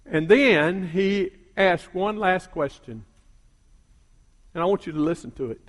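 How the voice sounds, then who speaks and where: An older man preaching a sermon as a pastor, calling out to the congregation and building to emphatic shouts. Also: high-pitched, animated, a little slow, long pauses. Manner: call-and-response preaching, rising to emphatic shouts. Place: church sanctuary. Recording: long reverb of a church hall.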